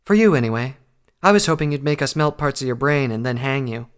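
A man's voice: mid-range voice, expressive, a little fast, clear, resonant tone, pitched above the performer's own voice, close to an everyday voice. A man voicing a cruel, hot-tempered female unicorn captain who hisses her threats in an audiobook. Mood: menacing. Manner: hissing, menacing. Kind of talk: audiobook character voice.

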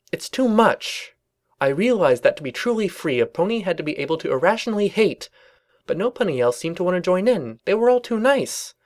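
Storybook female unicorn pony, earnest and excitable, squeaky and high, put on by a male reader. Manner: gushing, eager outbursts.

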